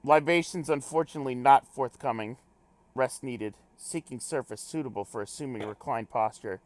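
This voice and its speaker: A man's voice: medium pitch, moderate pace, no echo, lightly acted. Man reading as a stiff, telegraphic adventurer. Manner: clipped telegraphic log-speak, pompous wording. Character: terse, formal male adventurer logging reports.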